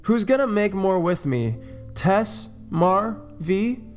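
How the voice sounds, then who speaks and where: A man's voice: high voice, slow pace, soft background music, pitched above the performer's own voice, full character voice. A man doing a bossy, teasing young woman camper. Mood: eager. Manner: lively, pushy, teasing.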